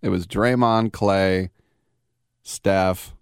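A man's voice: sits low, steady tone, drawn-out words, smooth, no echo, studio quality. A man hosting a sports talk radio show, rambling in a brash, casual way and firing off rhetorical questions.

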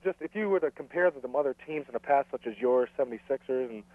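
A man calling in to a radio show as an eager fan, chatty and quick with his questions. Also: medium pitch, expressive, no room sound. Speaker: caller. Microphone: telephone. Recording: thin phone line.

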